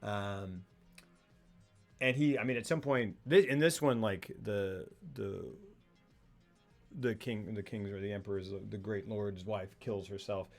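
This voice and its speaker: A man's voice: fairly low pitch, unhurried, soft background music. A man co-hosting a casual film talk show, recapping a plot in a rambling way and acting out the characters' lines. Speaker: podcast co-host. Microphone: streaming mic.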